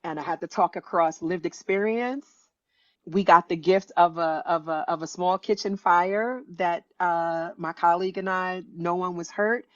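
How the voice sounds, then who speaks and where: Guest storyteller: woman, fifties, lower-pitched voice, dry slightly muffled sound, animated and earnest. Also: moderate pace, no echo. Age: 50s. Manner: animated, acts out quoted voices with pitch jumps, many restarts. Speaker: author and educator, guest. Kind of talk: conversational storytelling.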